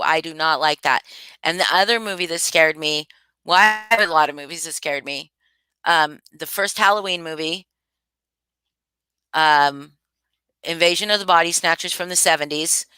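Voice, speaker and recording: A woman's voice: fairly low pitch, bright, forceful tone, smooth, no room sound. A woman hosting a casual live stream, rambling and thinking aloud as she answers viewers, often restarting her sentences. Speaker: livestream host.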